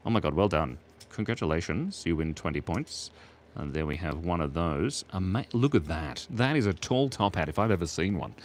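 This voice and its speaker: A man's voice: low voice, lively intonation, moderate pace, a little hiss or hum. Playful Australian man chatting while he draws. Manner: playful, jokey, reads chat aloud and laughs often. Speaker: streamer drawing live for chat. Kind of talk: casual live drawing stream.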